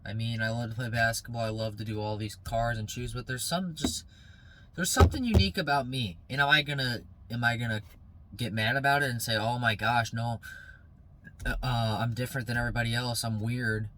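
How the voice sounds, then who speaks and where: A man's voice: medium pitch, fairly quick, fairly bright tone, slight background noise, low-quality recording. A young man talking casually and motivationally to his phone camera outdoors, rambling at times and then turning heated and preachy. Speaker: vlogger.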